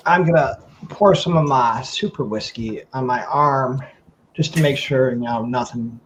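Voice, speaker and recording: A man's voice: mid-range voice, a little slow, a little hiss or hum, rough recording. A man playing a character in a casual tabletop game, playful and mulling things over aloud. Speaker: player.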